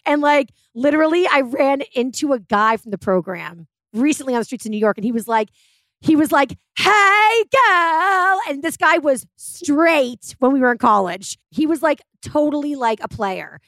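A woman radio host guesting on a podcast, chatting animatedly and swearing freely. Her voice is high and swings widely in pitch. The sound is dry and close. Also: animated, normal speed, dry recording. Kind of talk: casual podcast chat.

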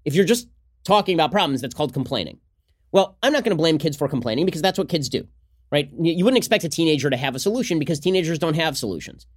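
Rapid-fire combative male pundit. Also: fairly high pitch. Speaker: political podcast host. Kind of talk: fast solo political commentary.

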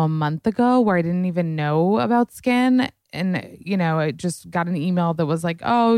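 A woman hosts a solo podcast, talking in a frank, rambling way, peppered with profanity and "like". Her voice sits low and comes across smooth and clear. The recording is dry and close, with no room echo. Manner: candid, profane, chatty with fillers. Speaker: podcast host. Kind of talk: casual solo podcast chat.

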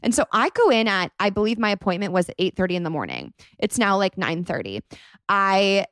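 A young woman in her twenties hosting a podcast, telling a rambling, animated story full of "like.". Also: medium pitch, a little fast, clear, resonant tone, dry recording, studio quality. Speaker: podcast host. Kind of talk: casual storytime monologue.

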